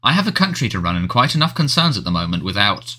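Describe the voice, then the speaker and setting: A man's voice: fairly low pitch, very animated, fast, sharp tone, exaggerated voice. A man playing a spluttering, harassed politician. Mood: indignant, flustered. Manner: spluttering, indignant and flustered. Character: harassed middle-aged male head of government.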